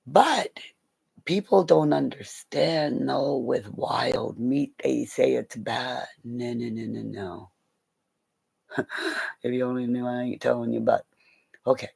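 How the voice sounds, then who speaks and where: This woman's voice rumbles low and creaky with a breathy edge, and she speaks slowly with frequent pauses. Middle-aged and chatting casually on a livestream, she excitedly hops between animal anecdotes, full of laughter and cursing, captured on a low-quality recording.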